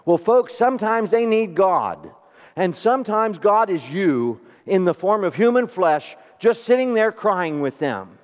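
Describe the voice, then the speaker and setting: A preacher with a fairly high voice delivers a sermon, talking with his congregation and asking them questions. He swings between emphatic peaks and soft, slow stretches. The recording is dull, with a long reverb from the church hall. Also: big pitch swings. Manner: rising to emphatic, then drops to soft and slow; conversational, asks the congregation questions.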